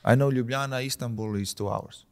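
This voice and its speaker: A man with a Slovenian accent, a podcast guest chatting casually with frequent restarts. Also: mid-range voice. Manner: relaxed, halting speech with many restarts.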